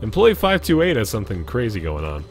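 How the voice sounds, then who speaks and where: A man's voice: fairly low pitch, huge pitch swings, quick pace, soft background music. A man casually commenting as he plays a video game, thinking aloud in a chatty way. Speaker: gaming channel host. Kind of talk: let's play commentary.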